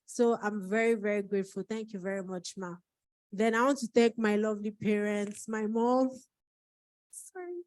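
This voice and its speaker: A woman's voice: medium pitch, steady tone, moderate pace, a little mellow, no room sound, rough recording. A woman from Nigeria, an author giving an emotional thank-you speech at her book launch, fighting back tears. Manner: tearful, holding back crying.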